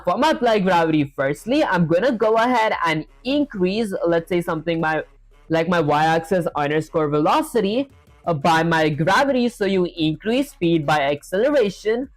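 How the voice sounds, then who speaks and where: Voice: medium pitch, expressive, normal speed, dry recording, faint music behind. A streamer thinking aloud while coding live, talking casually and rambling with frequent self-corrections, and answering chat questions.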